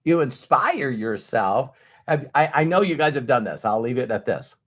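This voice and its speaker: Animated man giving a motivational talk. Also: mid-range voice, normal speed. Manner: animated and conversational, acts out doubters' voices. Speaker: motivational speaker.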